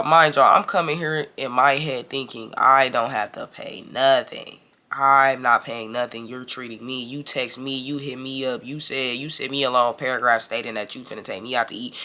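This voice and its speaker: Bright, animated man telling a story. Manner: animated, profane, keeps addressing the audience as y'all; gets louder and higher when irritated. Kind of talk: casual storytime monologue.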